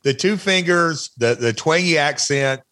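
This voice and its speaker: A man's voice: a little high, a little slow, bright, forceful tone, no room sound. Tennessee-twanged man rambling on a podcast. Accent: Southern US, Tennessee. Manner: rambling, self-mocking, frequent restarts. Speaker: guest. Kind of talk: casual podcast chat.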